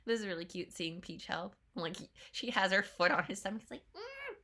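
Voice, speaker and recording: Bright-voiced chatty woman reacting. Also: lowish voice. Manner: chatty, laughs often, slips into quick playful voices for characters. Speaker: trailer reaction host. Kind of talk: casual reaction commentary.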